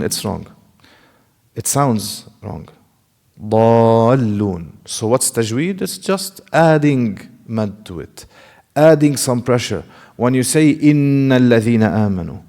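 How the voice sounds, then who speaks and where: A man lecturing a class on Quran recitation. His voice sits at a medium pitch. He asks questions and answers them himself, and he stretches out Arabic sounds slowly to demonstrate them. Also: a little mellow.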